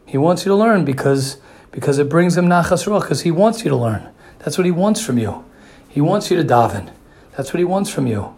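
A man's voice: fairly high pitch, animated, a little fast, darkish tone, husky. A man giving a sermon who repeats phrases for emphasis and often restarts his sentences. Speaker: religious speaker.

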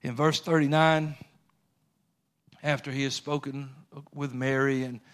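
A man's voice: mid-range voice, flat delivery, a little slow, clear, resonant tone. A male preacher delivering a sermon in casual, emphatic speech, driving points home with repeated rhetorical questions.

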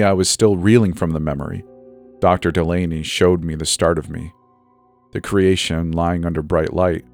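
Deep-voiced man narrating a horror story. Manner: measured first-person storytelling, dropping soft and slow in dreamy passages. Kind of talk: scripted narration. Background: faint music.

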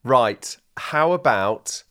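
A woman's voice: very deep voice, animated, extremely slow, fairly bright tone. A woman co-hosting a podcast, chatting casually and telling long, rambling stories. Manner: long-winded, rambling storyteller. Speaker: podcast co-host. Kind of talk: casual chat.

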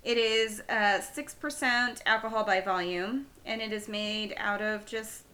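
A young woman with a bright, clear voice co-hosts a podcast in an easy, casual chat. She tells jokes and giggles between lines, keeping the talk light and chatty. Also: medium pitch, a little slow. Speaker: podcast co-host.

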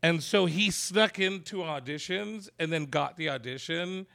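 Bright-voiced rambling man. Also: on the high side, unhurried, gravelly. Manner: chatty, rambling, laughs often. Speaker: podcast co-host. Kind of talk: casual chat.

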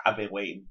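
A man co-hosting a casual music review chat, animated and slangy, often talking over his co-host. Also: fairly low pitch, lo-fi sound.

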